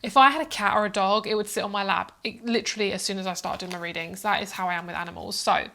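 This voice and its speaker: A woman reading tarot cards for her viewers in a loose, chatty way. She sounds motherly and talks at an easy middle pitch, wandering through her thoughts and circling back on herself. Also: steady tone, fast. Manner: warm, motherly and chatty, calls viewers "my love"; rambling, with many fillers and restarts. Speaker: psychic tarot reader. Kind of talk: casual tarot reading to camera.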